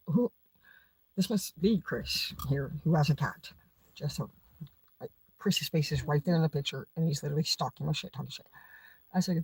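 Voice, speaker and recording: A woman's voice: low voice, fairly even intonation, a little fast, dark tone, husky, no echo, rough recording. A woman hosting a livestream, ranting sarcastically in a profane, combative way, dropping at times into muttered asides. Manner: foul-mouthed, sarcastic, combative. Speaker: livestream host.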